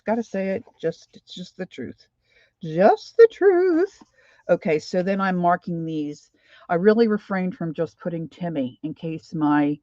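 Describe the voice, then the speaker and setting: A woman's voice: lowish voice, mellow, dry recording, highs cut off. An older woman with a Philadelphia accent, chatting casually on a craft livestream and greeting viewers by name. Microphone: desk microphone.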